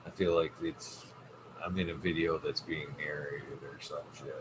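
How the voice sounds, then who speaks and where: A low-voiced man hosting a laid-back podcast and talking loosely, with plenty of swearing. A steady hum of background noise runs under his voice. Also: normal speed. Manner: relaxed, rambling, swears freely. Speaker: podcast host. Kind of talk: casual podcast chat.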